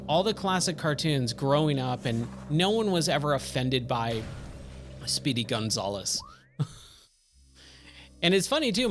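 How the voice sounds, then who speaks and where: Chatty man with a lively voice. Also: fairly high pitch. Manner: rambling, chatty, thinks aloud and drifts into tangents. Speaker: gaming streamer. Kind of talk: casual gameplay commentary.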